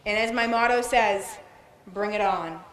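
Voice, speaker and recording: A woman's voice: mid-range voice, measured pace, very noisy. A woman earnestly reading a prepared speech about living with cancer at an outdoor ceremony. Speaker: cancer patient giving a speech. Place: outdoor event. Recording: echoey PA sound.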